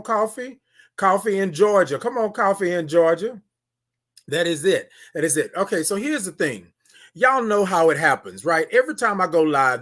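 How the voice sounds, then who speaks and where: A man with a high voice hosts a casual morning livestream from his phone camera. He greets viewers one by one, repeats his phrases and stretches his good mornings into long sung calls. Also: fairly bright tone. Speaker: livestream host.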